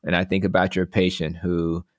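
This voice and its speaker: A man who is a doctor hosting a podcast interview, talking casually and giving friendly, enthusiastic shout-outs. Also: sits low, level tone, normal speed, no echo, clean studio sound.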